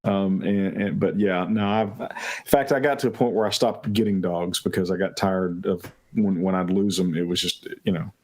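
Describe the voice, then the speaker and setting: A man with a lowish voice chats casually on a talk stream. He rambles through family anecdotes, restarting and acting out both sides of old conversations. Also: steady tone, normal speed, a little mellow. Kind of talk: casual chat.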